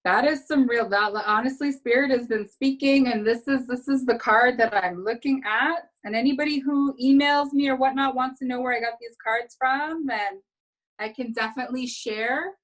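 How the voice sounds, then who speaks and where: A woman's voice: high voice, moderate pace, fairly bright tone, low-quality recording. A woman of Caribbean heritage giving a motivational talk on a video call, coaching her audience through affirmations with lots of energy. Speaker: speaker at an online women's event.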